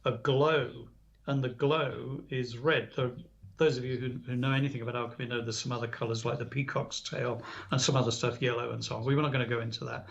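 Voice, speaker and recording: A guest speaker on spiritual alchemy gives an earnest talk on the radio, retelling a story with quoted dialogue. His medium-pitched voice is creaky and a bit bright, fairly even in intonation and a little fast, heard through dull lo-fi radio audio.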